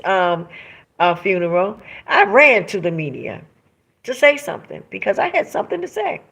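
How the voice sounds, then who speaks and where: Streaming casually from her home, a woman with a mid-range voice reads out comments from viewers. She speaks straight to her audience, emphatic and animated.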